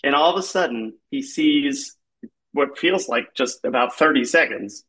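A man telling a rambling comic story in a halting way, full of "like" and restarts, as he describes absurd scenes. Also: medium pitch, animated, fairly bright tone, breathy edge.

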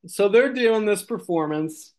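A man's voice: high-pitched, expressive, unhurried. A man improvising a silly comic story, rambling and giggling, with lots of ums and restarts. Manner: rambling, giggly, many fillers.

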